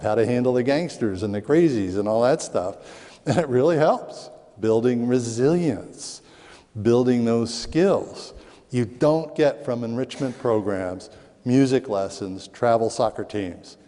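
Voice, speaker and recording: A middle-aged man from Southwest Philadelphia, a speaker on parenting, telling lively stories to an audience and acting out voices in quotes. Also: medium pitch. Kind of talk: storytelling talk to an audience. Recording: long hall reverb.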